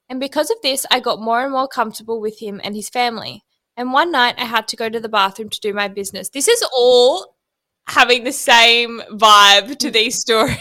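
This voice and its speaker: A woman's voice: a little high, sharp tone, no room sound. A woman, co-hosting a podcast and telling stories casually with lots of giggles. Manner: giggly storyteller, swears casually. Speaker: podcast co-host. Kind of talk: casual chat.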